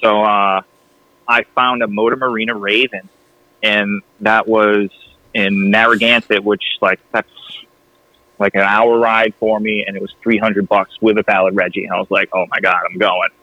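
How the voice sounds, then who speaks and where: A man's voice: lowish voice, flat delivery, normal speed, pushed and bright, poor audio. A young man with a Rhode Island accent, a podcast guest telling stories in casual chat, laughing often and swearing. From New England.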